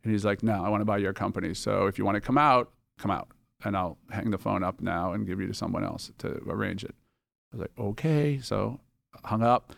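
A middle-aged man with a low, gravelly voice tells a story as a podcast guest. He talks casually and swears now and then. He acts out the lines of other people as he goes. The sound is dry and close. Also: brisk, no echo. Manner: animated, swearing, acts out quoted dialogue.

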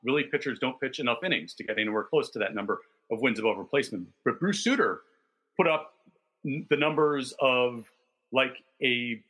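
A man's voice: medium pitch, a bit bright, slightly rough. A man co-hosting a casual sports podcast, telling stories in detail and backing them with statistics. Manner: detailed, enthusiastic storytelling with stats. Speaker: podcast co-host.

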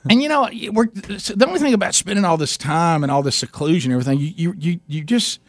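A talk-show host with a fairly high voice races through a long, funny family story, restarting often and acting out his wife's lines. It's casual storytelling chat, recorded with no room sound.

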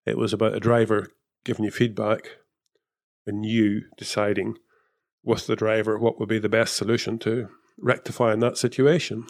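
A man with a fairly low voice talks through his years in motor racing in a loose, conversational way. He restarts sentences often and leans on fillers as he thinks aloud. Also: level tone, normal speed. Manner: rambling, with many fillers and restarts. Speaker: former F1 technical director and race engineer. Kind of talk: casual interview chat.

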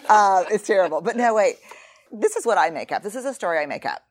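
A woman hosts the conversation in a relaxed, casual way, blunt and ready with a joke. Her voice sits low and has a husky, slightly breathy grain. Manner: playful and blunt, quick with jokes. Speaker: podcast host. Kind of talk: casual chat.

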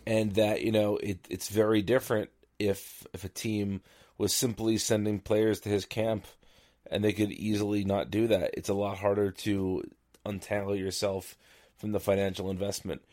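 A man with a lowish voice co-hosts a casual sports podcast. He talks in a wry, sleepy way and reads out listener email. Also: little pitch movement, normal speed, a little mellow. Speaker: podcast co-host.

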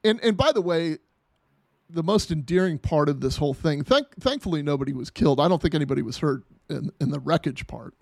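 A man's voice: fairly high pitch, animated, brisk, gravelly, darkish tone, no echo. A man hosting a podcast in casual chat, rambling with many restarts and fillers. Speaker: podcast host.

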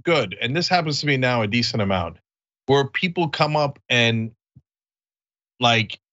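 A man's voice: medium pitch, expressive, a little slow, fairly bright tone, lo-fi sound. A man hosting a casual podcast chat over a remote call, chatty and laughing often as he acts out the people in his stories. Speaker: host.

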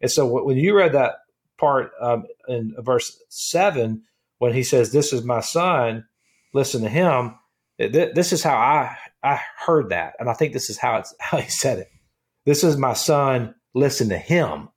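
A man with a husky, slightly breathy voice talks through scripture on a podcast, animated and full of restarts. His tone stays casual and conversational. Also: mid-range voice, normal speed. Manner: animated, repeats words and restarts often. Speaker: co-host of a Bible discussion podcast. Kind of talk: casual Bible study chat.

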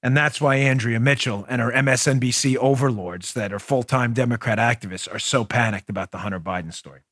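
A man's voice: mid-range voice, a little fast, fairly bright tone, dry recording, clean studio sound. A man hosting a political podcast, talking in a sarcastic, incredulous and emphatic way to his listeners and his co-host. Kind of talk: opinionated podcast monologue.

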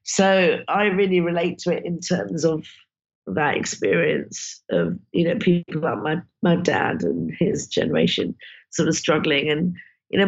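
Gravelly woman director. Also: fairly low pitch. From Britain. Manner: warm, emotional, frequent "you know" fillers. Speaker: film director guest. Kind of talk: casual interview chat. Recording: dull lo-fi sound.

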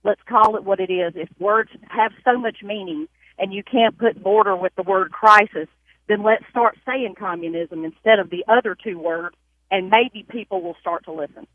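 A woman's voice: mid-range voice, normal speed, no room sound. A woman with a Southern US accent calling into a radio show, speaking emphatically and fed up. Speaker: caller. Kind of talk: call-in comment. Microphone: telephone. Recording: tinny phone line.

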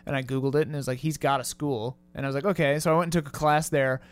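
A man co-hosting a casual chat, telling animated stories and acting out quotes. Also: medium pitch, rapid-fire, clear, resonant tone. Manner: animated storyteller, acts out quotes.

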